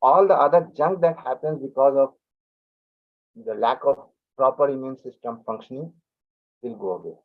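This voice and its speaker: A man gives an animated public talk as a lecturer, often repeating and restarting his words. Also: medium pitch, normal speed, pauses often. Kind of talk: public talk on yoga and science. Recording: tinny phone-like audio.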